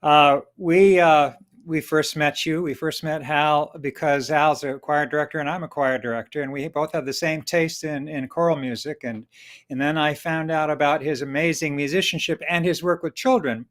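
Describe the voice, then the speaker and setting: A man's voice: a little high, fairly even intonation, normal speed, a bit bright. A man who is a folk singer and choir director, speaking playfully and animatedly to a friend on a livestream. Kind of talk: telling a children's story, then singing.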